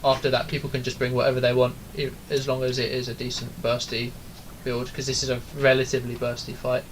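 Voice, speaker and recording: A man's voice: medium pitch, completely flat delivery, fast, slight background noise, rough recording. A man leading an online game raid over voice chat, giving instructions in a casual way full of ums and likes. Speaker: raid leader. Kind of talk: casual voice chat while gaming.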